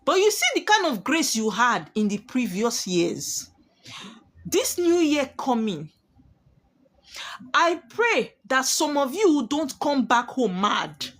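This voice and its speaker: A woman's voice: sits high, sing-song, slow pace. A woman, a spiritualist delivering emphatic, preachy warnings straight to her viewers and repeating key lines for weight. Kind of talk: prophetic monologue to viewers.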